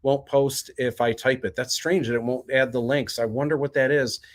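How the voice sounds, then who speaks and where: A man's voice: medium pitch, fairly even intonation, moderate pace. A man hosting a casual livestream, reading viewer comments aloud and chatting back while he works. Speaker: livestream host.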